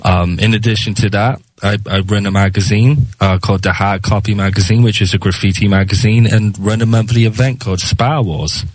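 A man from the UK with a Welsh accent, a radio guest chatting casually and relaxed. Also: on the low side, brisk, hardly any pauses, no echo, low-quality recording. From United Kingdom. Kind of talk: casual interview chat.

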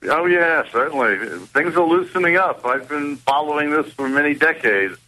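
An older man speaking as a guest doctor in a radio interview, in a measured, lecturing tone. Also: a little high, bright, forceful tone, low-quality recording.

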